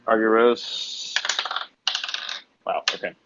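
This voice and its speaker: Low-voiced man narrating as game master. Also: takes it slowly, highs cut off, background noise. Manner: relaxed, filler-heavy narration.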